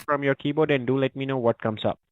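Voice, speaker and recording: A man's voice: medium pitch, fairly even intonation, fast, no echo. Support-agent caller, man, mid voice, constant apologies; dull, dry phone audio. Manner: overly polite, apologetic, keeps saying ma'am. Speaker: scam caller posing as tech support. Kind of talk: scripted support phone call. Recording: muffled phone line.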